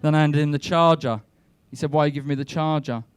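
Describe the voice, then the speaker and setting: Deadpan comic with a smooth voice. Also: male voice, on the high side, quick pace, dry recording. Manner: deadpan storytelling with shouted rants. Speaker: stand-up comedian. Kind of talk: stand-up comedy set. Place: comedy club stage. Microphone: handheld stage mic.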